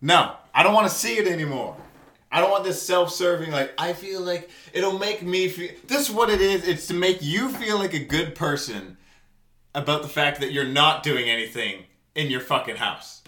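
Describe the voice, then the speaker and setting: Angry profane man ranting, bright voice. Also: a little high, normal speed, reverberant. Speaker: podcast co-host. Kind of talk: casual podcast rant.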